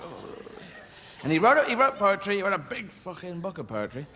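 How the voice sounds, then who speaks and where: A man performing a stand-up comedy routine, animated and full of sudden silly voices, recorded live in a large theatre. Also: high-pitched, a little fast. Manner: animated, flips into many silly character voices. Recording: live stage recording in a reverberant hall with crowd noise.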